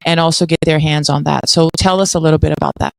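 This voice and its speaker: A woman hosting a podcast, praising her guest warmly and at length. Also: low voice, fairly even intonation, fast, gravelly, no echo, poor audio. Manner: effusive, gushing praise. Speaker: podcast host. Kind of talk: casual interview talk.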